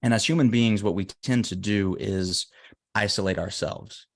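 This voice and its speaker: Low-ish voiced guy, earnest, emphatic motivational talk in an interview. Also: normal speed. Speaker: interview guest. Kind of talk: motivational storytelling.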